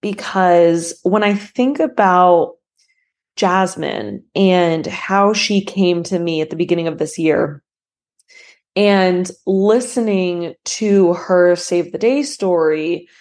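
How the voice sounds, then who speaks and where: A woman's voice: fairly low pitch, takes it slowly, darkish tone. A woman hosting a podcast in a casual, rambling way, emotional and full of "like". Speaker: podcast host.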